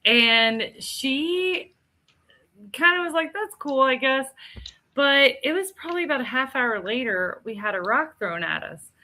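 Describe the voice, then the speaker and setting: A middle-aged woman with a bright, fairly high voice, telling a story on a podcast in a casual, chatty way. She is animated, laughs often and acts out the lines of the people in her story. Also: a little slow. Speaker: podcast co-host.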